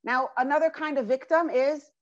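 A woman giving a motivational talk, telling stories in an animated way and asking rhetorical questions. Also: sits high, moderate pace. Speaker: inspirational speaker. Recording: dull lo-fi recording.

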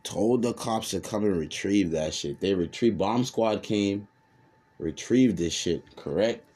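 A man's voice: measured pace, breathy edge. A man hosting a podcast, talking in a loose, profane, rambling monologue. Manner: loose, profane, rambling, lively pitch swings. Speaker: podcast host. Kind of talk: casual monologue.

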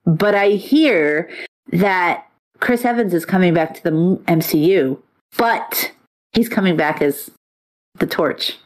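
Chatty, excitable woman. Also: on the low side, takes it slowly. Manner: chatty, excitable, swears freely. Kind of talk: casual chat.

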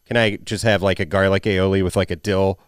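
A man's voice: low voice, little pitch movement, fairly quick, clean tone, no room sound, studio quality. A young man with a Midwestern American accent co-hosting a podcast, laid-back and swearing as he tells stories. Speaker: podcast co-host. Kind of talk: casual chat.

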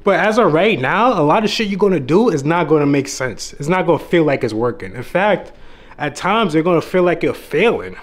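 A young dating and self-improvement YouTuber gives a casual, earnest motivational monologue to camera in a fairly high, sing-song voice, speaking a little fast. He swears freely, calls the listener bro, and sometimes gets emotional.

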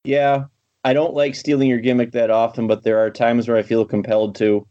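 A man co-hosting a podcast, speaking in a calm, measured, dry way in casual chat. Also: mid-range voice. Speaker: podcast co-host. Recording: dull dry lo-fi mic.

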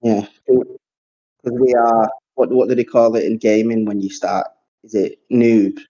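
Chill guy on a pod, kinda low, mellow voice, muffled audio. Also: little pitch movement, unhurried. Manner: laid-back, rambling, swears freely. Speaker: podcast co-host. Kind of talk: casual chat. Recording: dull lo-fi audio.

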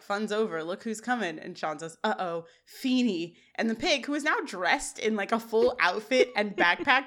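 Laughing frequently, this female podcast co-host walks through sitcom scenes in a giggly, casual way, quoting lines quickly. She has a fairly high, slightly bright voice.

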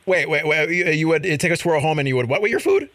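Guy hosting a chat show, bouncy pitch, dry close studio sound, keeps laughing and doing little voices. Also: fast talker, no echo. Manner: animated, laughing, acts out quotes. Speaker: show host. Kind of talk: casual chat about viral videos.

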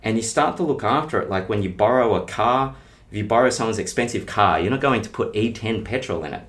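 A man's voice: on the low side, expressive, fast talker, fairly bright tone. A middle-aged man, a health coach explaining his methods with analogies and stories in a casual interview. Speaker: health and weight-loss coach.

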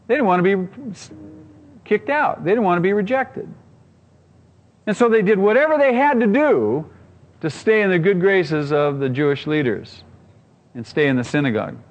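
A man preaching a sermon in an earnest, emphatic way, and his voice sits a little higher than most men's. He keeps circling back over his own phrases to drive a point home. A long reverb trails behind him, as in a church hall. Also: animated, normal speed, pauses often. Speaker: pastor.

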